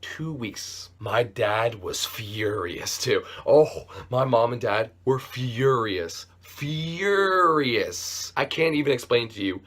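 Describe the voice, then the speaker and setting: Young male YouTuber, lively storyteller, pitch jumps all over, jokey. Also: slow pace, hardly any pauses. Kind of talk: casual story-time vlog.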